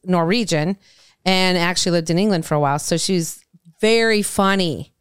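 A woman co-hosting a podcast, chatting casually and spinning anecdotes. Her voice sits fairly low and sounds smooth and clear. The sound is close and dry. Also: normal speed, dry recording. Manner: chatty storytelling, acting out quoted voices. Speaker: podcast co-host. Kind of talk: casual chat.

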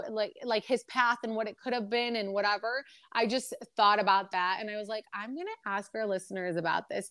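A woman's voice: a little high, fairly bright tone, smooth, dry recording, clean studio sound. A young adult woman co-hosting a podcast, telling a personal story in a rambling, emotional way with lots of fillers. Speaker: podcast co-host. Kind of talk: casual chat, personal story.

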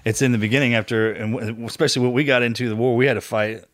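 A man's voice: mid-range voice, fairly even intonation, no room sound, studio quality. A man hosting a podcast, chatting casually and rambling in a chummy way. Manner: quick, rambling and chummy, often restarting sentences. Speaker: podcast host. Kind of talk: casual conversation.

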